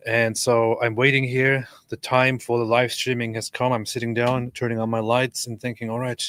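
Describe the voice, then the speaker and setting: A man guesting on a live stream, telling stories in a relaxed, casual way with frequent fillers and repeats. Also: mid-range voice, moderate pace, no echo, clean studio sound.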